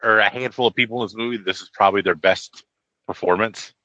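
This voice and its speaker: Man, low bright voice, enthusiastic casual chat, dull lo-fi sound. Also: fast talker, no room sound. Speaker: podcast co-host. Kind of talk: casual film discussion.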